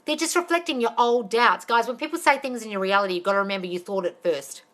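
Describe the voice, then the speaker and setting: A woman who isn't American answers questions on a live stream as a manifestation coach, blunt and swearing freely while calling listeners darling. Her fairly high voice is fast and a bit bright.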